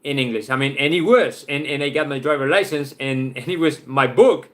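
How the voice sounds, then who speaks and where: A man's voice: fairly high pitch, moderate pace, a bit bright. A man from Spain with a Spanish accent, speaking English as a second language, hosts a football channel in casual live-stream chat, loose and chatty, often tagging "right?" onto his points.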